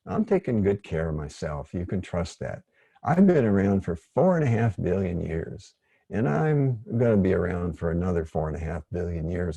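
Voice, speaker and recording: A man's voice: low-pitched, creaky, warm tone, slightly rough, dry recording, exaggerated voice. A man voicing an ancient, motherly female Earth spirit who speaks in a folksy, reassuring way.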